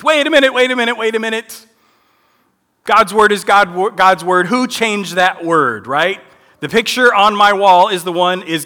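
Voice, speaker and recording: A man preaching a conversational sermon, teaching with lively asides and frequent checks with his listeners. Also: on the high side. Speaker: pastor. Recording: long hall reverb.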